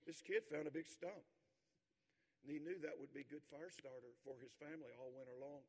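A man's voice: on the high side, fairly quick, big-room sound. A man preaching a sermon, telling a folksy story in a church. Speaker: pastor.

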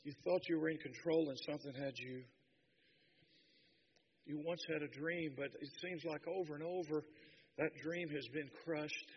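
A male preacher delivers an impassioned sermon in a fairly high voice, swinging from quiet intimacy to loud, urgent climaxes. The recording is slightly muffled, with faint ambient noise behind him. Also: fairly even intonation, normal speed. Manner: impassioned, swinging from hushed to shouting.

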